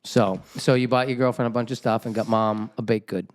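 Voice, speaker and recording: A man hosting a casual podcast chat, joking crudely and swearing, and sometimes shouting in shrill mock voices. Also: fairly even intonation, brisk. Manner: loud, swearing, mocks parents in shrill voices. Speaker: podcast host.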